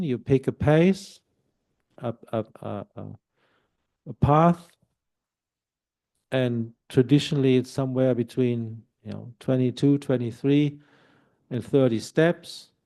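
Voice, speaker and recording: A man, a Buddhist monk, giving calm, explanatory meditation instruction at a retreat centre, sometimes softly demonstrating a mantra. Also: mid-range voice, takes it slowly, pauses often.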